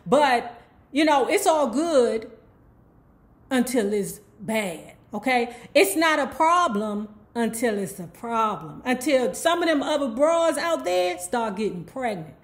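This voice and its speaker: A woman's voice: on the high side, sing-song, slow. A woman casually retelling a novel's plot as a book club host, chatty and profane, with personal asides to the listener. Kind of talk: casual book recap storytelling.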